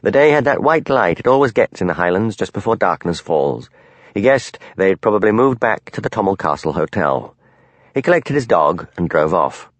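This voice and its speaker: A man reading an audiobook in measured storytelling narration. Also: fairly low pitch, big pitch swings, no echo.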